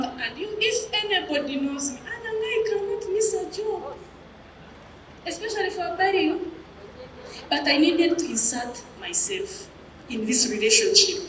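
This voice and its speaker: A Ugandan woman in her thirties performing stand-up comedy, telling animated stories and breaking into laughter. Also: high voice, a little hiss or hum. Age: 30s. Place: live comedy stage. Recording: roomy live hall from a distance.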